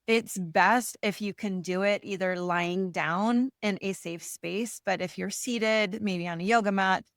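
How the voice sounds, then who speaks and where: A woman facilitating breathwork, giving slow, soothing guidance over a video call. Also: medium pitch, no echo, clean studio sound. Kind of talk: guided breathwork instruction.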